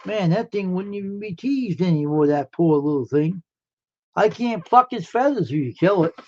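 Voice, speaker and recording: A man hosting a casual live stream chats with viewers in a folksy, rambling manner, answering comments from the chat. His voice is a little high for a man, mellow, with lively intonation at a normal speed. The audio sounds dull and lo-fi.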